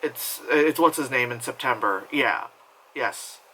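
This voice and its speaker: A man's voice: mid-range voice, a little slow, sharp tone, slight background noise, low-quality recording. A man talking casually from home as he reviews a movie, rambling, swearing freely and laughing at himself. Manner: rambling, profane, self-mocking with frequent laughs.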